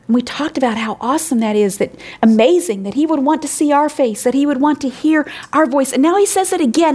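An older woman with a slightly high, crackly voice teaches from scripture in a devotional talk. She sounds earnest and full of wonder, and her pitch climbs when she stresses a point. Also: brisk, hardly any pauses, warm tone. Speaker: Bible teacher.

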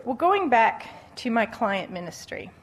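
A woman giving a conversational Christian teaching talk on dating, telling stories with animated quoted voices and frequent laughter. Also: on the high side, unhurried, a little hiss or hum. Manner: animated storytelling, acting out quotes, laughs often.

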